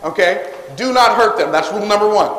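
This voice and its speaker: A man giving a live motivational talk on stage, calling for responses from the audience and pitching his books. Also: fairly quick. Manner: energetic call-and-response with the crowd. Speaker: motivational speaker selling books. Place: large hall with live audience. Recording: echoey hall, long reverb.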